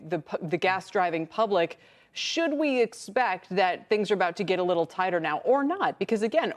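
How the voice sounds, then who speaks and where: Conversational woman news anchor, lowish voice. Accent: American. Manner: conversational questioning, some restarts. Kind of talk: live TV news interview.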